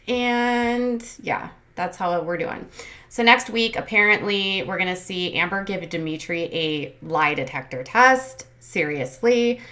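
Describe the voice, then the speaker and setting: A woman's voice: lowish voice, sharp tone. A woman hosting a commentary channel, recapping casually in a chatty, sarcastic, critical way. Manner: sarcastic, critical, chatty with many ums and likes.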